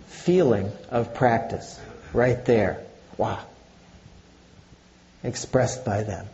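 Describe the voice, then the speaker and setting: An older man giving a Zen dharma talk in a halting way, with many pauses and fillers. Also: on the low side, dark tone, dull audio, slight background noise. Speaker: Zen teacher.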